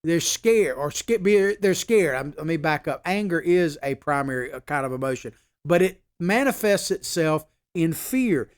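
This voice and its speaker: Male talk-show host, high-pitched voice, emphatic, folksy political commentary. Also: expressive, normal speed, smooth. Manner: emphatic, repeats points for stress; folksy asides and fillers.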